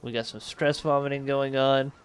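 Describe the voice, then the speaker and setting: A man's voice: medium pitch, level tone, moderate pace, smooth. A man hosting a let's play, thinking aloud and correcting himself as he manages a space colony game. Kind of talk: casual gameplay commentary.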